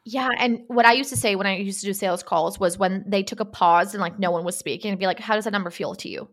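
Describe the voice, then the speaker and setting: A woman who is a marketing coach and podcast guest, talking casually and telling stories animatedly, acting out what people said. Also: mid-range voice. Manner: animated, quick storytelling with acted-out quotes.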